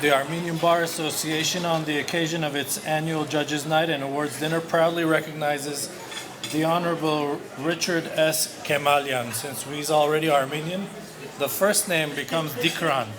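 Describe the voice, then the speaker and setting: Higher-voiced man reading an award citation. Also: steady tone, normal speed. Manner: ceremonious with a light joke. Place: banquet hall with audience. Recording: crowd noise in a banquet hall.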